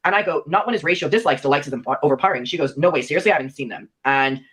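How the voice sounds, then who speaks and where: A man's voice: on the high side, racing, fairly bright tone, husky. A young man recounting a personal story in a played clip, animatedly acting out the lines of the people he quotes.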